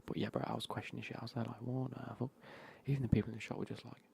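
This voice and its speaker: Man streaming games, whispered ASMR, rambling and sweary, mid-pitched and gravelly. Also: little pitch movement, racing, a little mellow, slight background noise. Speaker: gaming streamer.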